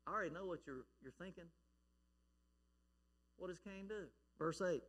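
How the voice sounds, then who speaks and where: A male pastor preaches with emphatic conviction, dropping to quiet lines and then rising to loud ones. His voice is high for a man and bright. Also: normal speed, breathy edge, big-room sound. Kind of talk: sermon.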